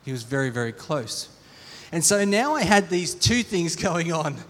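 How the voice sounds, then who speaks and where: A middle-aged man preaching a sermon as a personal testimony. He speaks earnestly and haltingly, often restarting and repeating words. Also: on the high side, sing-song, a bit bright. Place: church hall. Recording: long reverb from a church hall.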